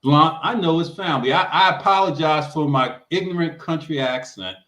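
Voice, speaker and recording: A man's voice: a little high, lively intonation, brisk, a bit bright. A man giving emphatic political commentary on a roundtable, often repeating words as he starts a point. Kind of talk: roundtable discussion. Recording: roomy echo.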